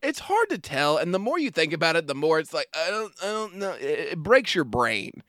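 A man co-hosting a podcast, talking casually about a film, animated and quick to laugh. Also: on the high side, no echo, studio quality. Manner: animated, laughs often, slips into silly voices. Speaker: podcast co-host. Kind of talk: casual movie discussion.

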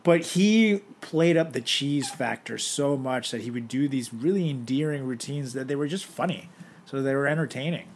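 A young man co-hosting a podcast, telling lively anecdotes and often laughing. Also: mid-range voice, moderate pace, a little hiss or hum. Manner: animated storyteller, laughs often, acts out quoted voices. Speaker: podcast co-host. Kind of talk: casual chat.

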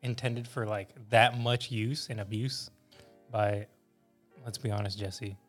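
A man's voice: on the low side, steady tone, a little slow, soft background music. A man co-hosting a casual group podcast, reading from articles and swearing and laughing between lines. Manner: reads news articles aloud, swears and laughs often. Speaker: podcast co-host.

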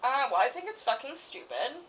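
Woman, podcast co-host, bright tone, blunt dry delivery, faint noise behind. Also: sits high, sing-song, fairly quick, low-quality recording. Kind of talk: casual chat.

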